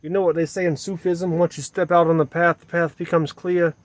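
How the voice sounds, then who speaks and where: A man's voice: a little high, little pitch movement, fairly quick, no room sound. Rambling, repetitive man in a mother persona. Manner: repeats phrases, muttering and then rising into agitated outbursts. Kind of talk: rambling self-talk monologue. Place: outdoors at dusk by a solar setup.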